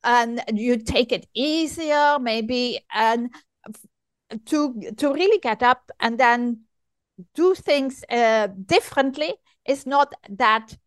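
High, slow, halting older woman host. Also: clear, resonant tone, no room sound. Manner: halting, searching for words with many pauses. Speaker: podcast host. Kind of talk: conversational interview.

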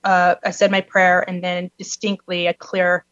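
A woman's voice: normal speed, smooth, no room sound. A woman telling a long personal story in conversation, acting out the people in it with raised voices. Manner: animated, acts out the people in her story with high-pitched voices. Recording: dull, dry lo-fi recording.

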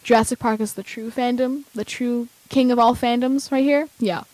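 A young woman chatting casually as a vlogger, excitable and rambling with lots of fillers. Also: a little high, moderate pace, dry recording, rough recording. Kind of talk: casual chat.

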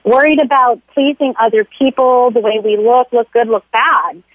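A woman's voice: fairly high pitch, moderate pace, dry recording. A woman guest on an interview show telling a story in an earnest, motivational way. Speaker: guest, health coach. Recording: tinny dry phone line.

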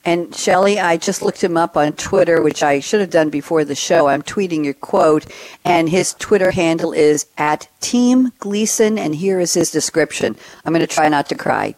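A woman's voice: low voice, normal speed, darkish tone, no room sound. A woman hosting a radio interview show, chatty, reading out quotes and introducing guests. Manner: chatty, reads quotes aloud.

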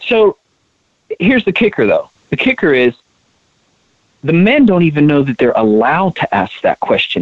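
A man's voice: a little high, sing-song, moderate pace, long pauses, no echo. A man being interviewed as a guest, talking earnestly and emphatically, often repeating words as he restarts his sentences. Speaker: interview guest, co-founder of a women's leadership project. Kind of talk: conversational interview. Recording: tinny phone-line sound, dry.

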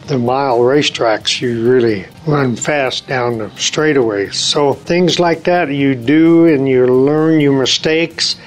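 A man's voice: mid-range voice, slight background noise, poor audio. Older man telling rambling anecdotes. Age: 70s. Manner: rambling anecdotes, acts out quoted dialogue, frequent restarts. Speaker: retired race car driver, interview guest. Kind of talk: conversational storytelling interview.

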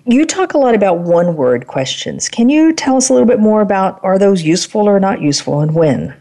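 A woman's voice: mid-range voice, very animated, brisk, dark tone. A woman hosting an interview, affirming and summing up her guest's points. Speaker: interview host.

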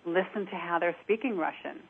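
A woman with a Cockney accent, an accent coach talking as a radio guest, animated and repeating herself. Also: lowish voice, fairly quick, vocal fry, breathy edge. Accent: English, Cockney. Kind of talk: radio interview. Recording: tinny phone-like line.

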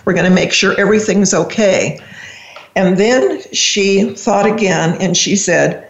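An older woman, a radio show guest, telling a personal family story in a reflective, halting, emotional way. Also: medium pitch, lo-fi sound. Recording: roomy echo.

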